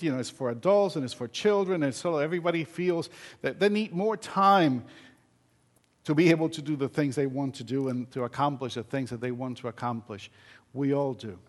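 An older man, a pastor, giving a sermon in a conversational storytelling way, with many fillers and restarts. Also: a little high.

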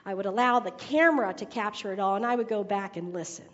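A woman's voice: mid-range voice, quick pace. A woman preacher telling a joke and then giving her sermon, chatty and laughing at her own jokes. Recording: reverberant hall, dull sound.

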